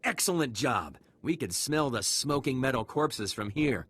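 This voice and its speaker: A stubborn, defensive settler. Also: male voice, medium pitch, lively intonation, a little slow, fairly bright tone, breathy edge. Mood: firm. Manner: firm, defensive. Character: stubborn male settler guarding his land claim.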